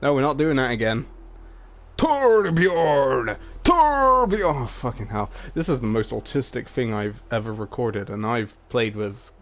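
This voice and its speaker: A man's voice: fairly low pitch, steady tone, normal speed, hardly any pauses. A young man reading his own comedic fan fiction aloud, with crude, swearing, self-mocking asides. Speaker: fan-fiction writer and reader.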